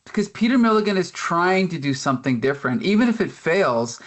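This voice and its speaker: A man's voice: high voice, big pitch swings, brisk. A man co-hosting a comic book review podcast, arguing his opinions emphatically. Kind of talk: casual review chat.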